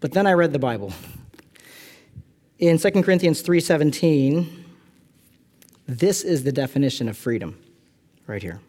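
Pausing often and keeping a moderate pace, a middle-aged man from California preaches as a pastor in a fairly high-pitched voice. Lively asides punctuate his animated, self-deprecating storytelling.

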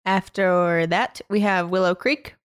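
A woman's voice: on the low side, unhurried, clean tone, no echo. A woman co-hosting a podcast in casual chat, dry and teasing, often laughing. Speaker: podcast co-host.

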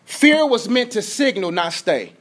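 A man preaching a sermon as a pastor, energetic, dropping from loud to hushed, sometimes stuttering and tripping over his words. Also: high voice, a little slow.

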